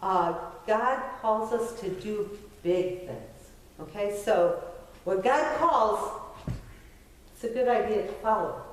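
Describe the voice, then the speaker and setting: A middle-aged woman pastor preaches in a slow, conversational way, mixing self-deprecating asides with emphatic points. Her voice is picked up from a distance and rings through a very reverberant church sanctuary. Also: mid-range voice, expressive. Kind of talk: sermon. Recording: very echoey church from far off.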